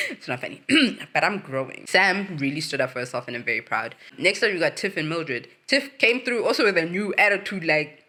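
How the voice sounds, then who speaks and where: Animated woman recapping a reality show. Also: low-pitched, fast talker. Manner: animated, acts out quotes from the cast; chatty, laughs often, swears casually. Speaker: host.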